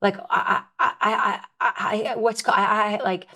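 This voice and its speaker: A woman's voice: medium pitch, steady tone, normal speed, pushed and bright. A woman guest in a conversation, telling her personal story in an earnest, emotional way, often restarting her sentences. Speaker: podcast guest.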